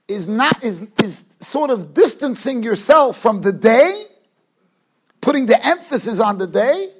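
New rabbi, very high and lively voice, emphatic lecture style, builds points by repeating himself. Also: male voice, breathy edge. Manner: emphatic, rises to near-shouts on key points; mixes Hebrew and Yiddish terms into English. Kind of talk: Torah lecture. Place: yeshiva study hall.

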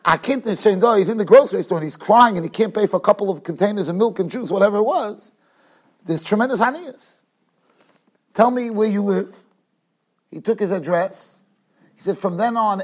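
Husky high-voiced rabbi telling a story. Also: male voice. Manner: animated, acts out dialogue, stretches words for emphasis. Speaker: rabbi giving a Torah class. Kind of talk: Torah class storytelling. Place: yeshiva study hall.

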